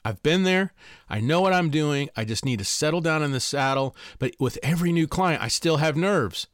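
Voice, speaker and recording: Animated, expressive man telling a story. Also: normal speed, dry recording, studio quality. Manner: animated and emphatic, pitch leaps on key words. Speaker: life coach. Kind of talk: personal storytelling monologue.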